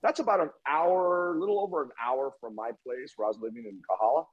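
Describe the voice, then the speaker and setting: Narrow, tinny audio captures a husky, medium-pitched man talking fast. He's in his fifties and, as a podcast guest, tells an animated story, acting out the dialogue with frequent swearing.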